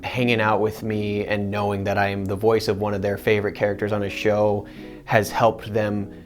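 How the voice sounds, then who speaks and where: Earnest low-voiced male voice actor. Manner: earnest, animated storytelling. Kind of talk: interview answers to camera.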